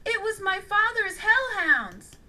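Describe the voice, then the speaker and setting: Storybook spirit: a woman doing a hesitant young woman, high and bright. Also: big pitch swings, takes it slowly, exaggerated voice. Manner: hesitant, hopeful.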